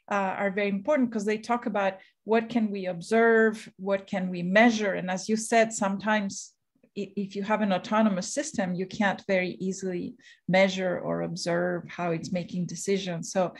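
A woman leads a panel discussion and puts long questions to the speakers. She builds them up in a careful, measured way. Her voice has an ordinary middle pitch and comes over a video call. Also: a little mellow. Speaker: panel moderator.

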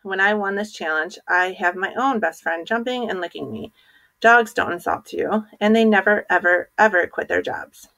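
A teacher reading a children's chapter book aloud to her class with expressive storytelling. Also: mid-range voice, moderate pace, vocal fry, poor audio.

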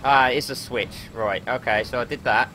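A man's voice: medium pitch, moderate pace, a little hiss or hum. A man commentating a horror game let's play, panicky, swearing and joking as he plays. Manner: panicky, swearing, jokey and excitable. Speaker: gaming YouTuber.

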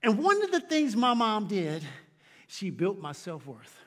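A middle-aged man preaches from the pulpit, his pitch leaping and falling with wide expression. He builds to shouts, then drops to hushed, low lines. His voice is high for a man, and a long church-hall reverb trails after it. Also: huge pitch swings, a little slow. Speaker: pastor. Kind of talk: sermon. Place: church sanctuary.

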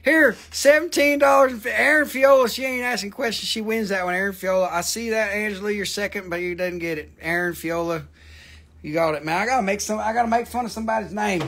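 A middle-aged man with a Southern American accent, hosting a live rock sale in an excitable, rambling, foul-mouthed way. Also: high-pitched, fast. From Southern United States. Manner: excitable, rambling, swears a lot. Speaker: host selling rocks. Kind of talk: live sales stream chat.

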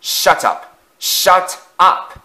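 A man's voice: drawn-out words, sharp tone, heavily acted. A man voicing an arrogant male steam engine in a storybook reading, haughty and snapping. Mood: angry.

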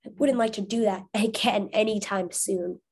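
A woman reading the lines of a caring young pioneer man in a storybook, in her own breathy voice. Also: medium pitch, fairly even intonation, normal speed, darkish tone. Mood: earnest.

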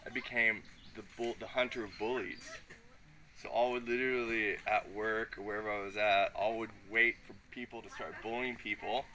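A man's voice: lowish voice, flat delivery, normal speed, pushed and bright. Man, slangy and rambling, heartfelt testimony to a live group, noisy room. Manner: rambling, emotional, slangy, many fillers. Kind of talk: spoken personal testimony. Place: live gathering with listeners.

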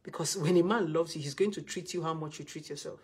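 A woman's voice: deep voice, fast talker, darkish tone, slightly rough. A woman with a Nigerian accent giving blunt, scolding relationship advice in a live video session.

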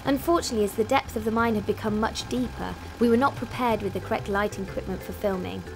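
A woman giving scripted documentary narration in an even, informative voice-over. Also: medium pitch, fast. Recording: voice-over with music behind. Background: music.

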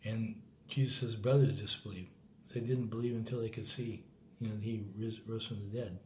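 An American man hosts a Bible reading program, offering rambling, earnest, informal commentary that often breaks off and restarts. His voice is on the low side, steady and a little mellow, at a normal speed. The room is echoey with faint background noise.

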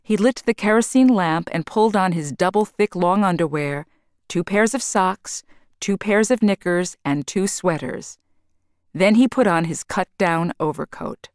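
A woman's voice: on the low side, expressive, no echo, clean studio sound. A woman, a teacher, reading a children's storybook aloud in a careful way. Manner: slow, careful read-aloud.

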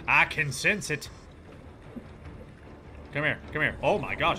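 A man commenting on his own horror game playthrough, excitable, yelling and cursing at enemies, with game music behind him. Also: fairly high pitch, unhurried, pauses often, very noisy. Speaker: gaming channel host. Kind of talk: let's play commentary.

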